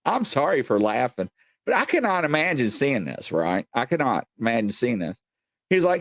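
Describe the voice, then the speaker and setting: A man hosting a live show, telling a strange tale in a casual, animated way with lots of fillers and acted-out voices. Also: medium pitch, moderate pace, creaky, no room sound. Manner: animated storyteller, acts out quoted voices, many fillers. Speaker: show host. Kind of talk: casual live-stream storytelling.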